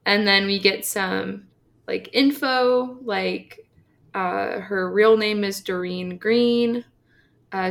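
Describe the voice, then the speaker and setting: A woman chatting through a comic book plot for a podcast, peppering her retelling with "um" and "like" and slipping into the characters' lines. She talks at an unhurried pace with a gravelly edge to her voice. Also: medium pitch. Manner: chatty, filler-heavy, acts out quotes. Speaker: podcast co-host. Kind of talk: casual comic book recap.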